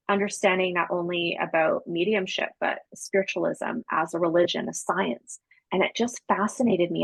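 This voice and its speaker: A woman with a husky, fry-laden voice tells her story to an interviewer in a loose, slangy way, acting out what people said. The sound is dry and close, with no room around it. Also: lowish voice, no room sound, poor audio. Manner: animated, chatty, slangy, acts out dialogue. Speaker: podcast guest, psychic medium.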